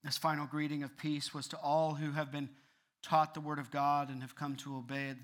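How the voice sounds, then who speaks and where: A man's voice: fairly high pitch, fairly even intonation, normal speed, fairly bright tone. A man preaching an earnest sermon as a pastor, building to fervent appeals.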